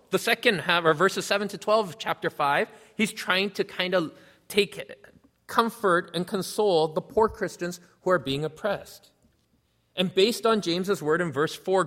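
Male pastor, earnest teaching sermon, higher voice, reverberant hall sound. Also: unhurried, fairly bright tone. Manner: earnest, explanatory, reads scripture aloud.

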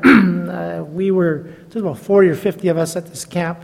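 A man's voice: sits high, steady tone, normal speed, gravelly, big-room sound. A man in his sixties, a guest preacher, telling stories in a chatty, self-deprecating sermon. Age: 60s. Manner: chatty, self-deprecating, laughs at own jokes. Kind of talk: storytelling sermon.

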